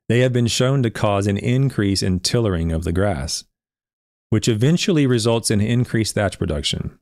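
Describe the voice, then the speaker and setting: Male podcast host critiquing research; deep voice with fry, insistent and prone to giggles. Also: lively intonation, moderate pace, a little mellow, dry recording, clean studio sound. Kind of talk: reading and critiquing a paper aloud.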